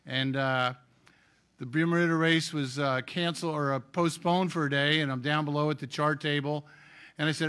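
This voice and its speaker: Bright-voiced man emceeing an awards ceremony. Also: on the high side, moderate pace, clear, resonant tone. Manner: lively anecdotal storytelling with jokes.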